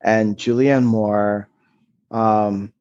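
A man's voice: fairly low pitch, fairly even intonation, drawn-out words, darkish tone, clear, resonant tone, muffled recording. A man co-hosting a podcast in casual chat, reflective and analytical as he talks about acting. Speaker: podcast co-host.

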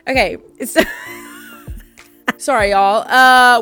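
A woman's voice: fairly high pitch, a little slow, a bit bright, no echo, soft background music. A young woman hosting a casual faith podcast, rambling and self-mocking as she chats with listeners. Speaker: podcast host.

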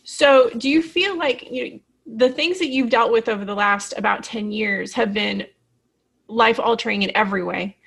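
A woman's voice: a little high, moderate pace, vocal fry, a bit bright, husky. A woman interviewing a guest, agreeing readily and asking long, probing questions. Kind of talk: conversational interview.

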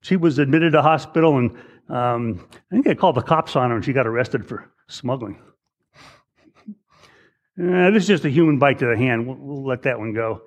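A man's voice: mid-range voice, animated, moderate pace. A middle-aged man, an emergency doctor, giving a casual case-based lecture, with frequent restarts, who acts out his patients' lines in a raised voice. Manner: conversational, repeats words, acts out patients in raised voice.

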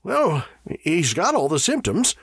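A man doing a high, alarmed older medic. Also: wildly swooping pitch, unhurried, vocal fry, slightly rough, no room sound, clean studio sound, exaggerated voice. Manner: urgent, reading out symptoms. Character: gruff older male medic, anxious and bossy.

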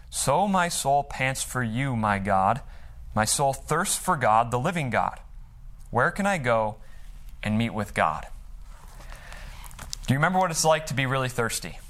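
A man preaching a sermon in an earnest, conversational way, with pauses and restarts. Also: medium pitch, a bit bright. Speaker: pastor.

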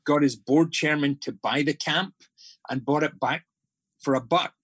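A man's voice: on the high side, a little slow, a bit bright, a little hiss or hum. A middle-aged Scottish man with a Scottish accent, a podcast guest telling stories with jovial humor. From Scotland. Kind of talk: conversational podcast interview.

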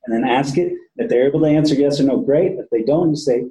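A man's voice: mid-range voice, fast talker, warm tone, roomy sound, rough recording. A man who works with patients, giving a casual training talk to police officers and often repeating himself. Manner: conversational, repeats words, casual swearing. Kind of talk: training lecture.

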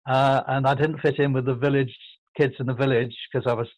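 Older posh english guy, reflective and a bit halting, dry close sound, middle pitch. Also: little pitch movement, darkish tone, no room sound, low-quality recording. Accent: posh southern English. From England. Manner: thoughtful, halting, self-correcting. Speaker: guest. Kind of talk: reflective interview conversation.

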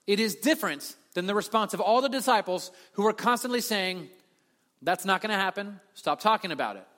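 High-voiced pastor preaching in a reverberant hall. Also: male voice, brisk. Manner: animated storytelling, acts out quoted voices. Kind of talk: sermon.

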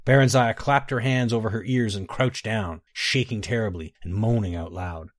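A man reading a fantasy story aloud in a measured, even narrating voice. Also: lowish voice, no echo.

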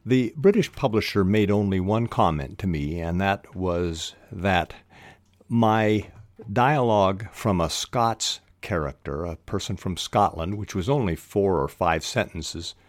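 An older man hosting a podcast lesson on fiction writing, unhurried, with hesitant restarts and fillers. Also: low-pitched, dry recording, clean studio sound. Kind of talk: instructional talk on writing.

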